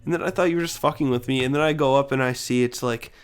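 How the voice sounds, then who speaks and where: A young man talks in a laid-back way on a podcast, voice at a middle pitch. He jokes crudely and swears as he recounts an embarrassing story. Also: quick pace, clear, resonant tone. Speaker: podcast co-host. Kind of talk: casual chat.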